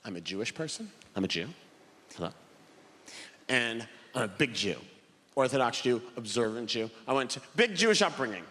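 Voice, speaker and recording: A young male stand-up comic with a bright, lively voice that jumps around in pitch as he tells stories and acts out people. He plays to a live crowd on a handheld mic, and a long hall reverb trails each line over faint room noise. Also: normal speed, long pauses. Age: young adult. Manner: animated storytelling, acting out characters in bursts. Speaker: stand-up comedian. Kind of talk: stand-up comedy set. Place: comedy club stage before a live audience.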